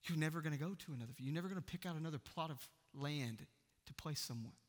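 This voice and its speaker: A man, preaching a sermon in a church and swinging from loud proclaiming to hushed near-whispers. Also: fairly high pitch, fast, long reverb tail. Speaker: pastor.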